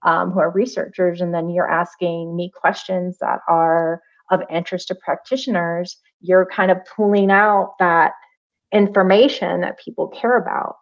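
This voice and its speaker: A woman's voice: on the low side, steady tone, normal speed. A woman researcher speaking as a podcast guest in a thoughtful, casual way, with many fillers and restarts. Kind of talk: casual interview talk. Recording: dull lo-fi audio.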